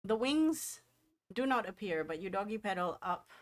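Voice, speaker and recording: A woman game master narrates a tabletop role-playing session. She talks in a casual, hesitant way with frequent fillers. Her voice sits at an ordinary middle pitch. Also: big pitch swings, moderate pace.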